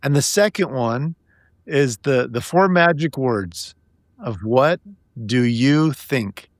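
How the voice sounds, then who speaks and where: A man's voice: mid-range voice, lively intonation, slow pace, no echo, studio quality. A man hosting a leadership podcast, reflecting on his guest's story and drawing out the key lessons in a conversational interview. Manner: reflective, summarizing the guest's points. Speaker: podcast host.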